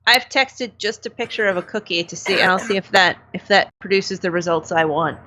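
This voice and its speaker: A woman's voice: fairly low pitch, brisk, pushed and bright, slight background noise, poor audio. A woman co-hosting a casual live-stream podcast, talking in a fretful, chatty, self-deprecating way. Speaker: podcast co-host.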